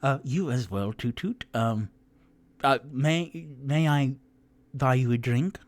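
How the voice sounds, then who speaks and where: A man's voice: mid-range voice, slow, dry recording, pitched above the performer's own voice. A man doing an eager, flustered half-orc with glasses. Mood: courteous. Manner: excitable, curious and flustered. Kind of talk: tabletop role-play voice.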